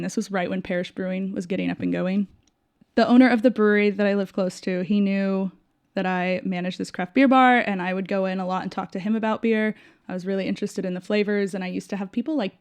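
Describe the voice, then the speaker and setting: A woman's voice: medium pitch, smooth. A woman in her thirties, a podcast guest telling stories in a casual chat, acting out quoted dialogue and laughing often. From United States. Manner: animated storyteller who acts out quoted dialogue, laughs often. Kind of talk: casual interview storytelling.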